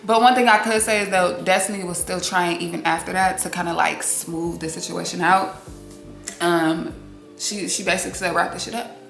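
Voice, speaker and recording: A woman giving a casual, candid recap of a reality TV episode, expressive and quick to swear. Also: fairly low pitch, creaky. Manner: candid, expressive, swears freely, acts out quotes. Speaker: TV recap host. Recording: roomy echo with faint music behind.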